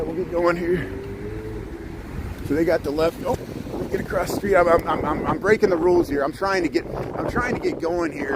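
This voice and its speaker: A man narrating a live stream as he bikes through city streets, chatting and thanking viewers with nervous asides. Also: fairly high pitch. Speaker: vlogger biking through the city. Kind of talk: live-streamed casual narration while riding. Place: outdoors on city streets, on a bike. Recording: wind and traffic noise on a street mic. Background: wind, traffic and city noise.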